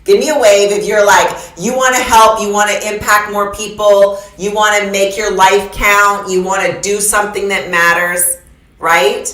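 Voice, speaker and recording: A middle-aged business coach leads a live online masterclass, addressing her audience directly in an emphatic, preacher-like style. Her mid-range voice is a bit bright, with little pitch movement and a moderate pace. Heard over a video call, the audio is reverberant and rough.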